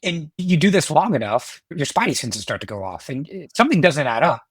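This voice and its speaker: A man's voice: a little high, brisk, breathy edge, no room sound. Man explaining as a podcast guest. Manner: explanatory, steady, uses filler "right?". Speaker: company executive guest. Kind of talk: podcast interview.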